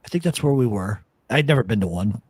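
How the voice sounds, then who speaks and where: Talking fast with lively intonation, this radio host has a lowish, slightly mellow voice with a breathy edge and no room sound. He's a profane, blunt storyteller, chatting casually and pressing his arguments with lots of swearing.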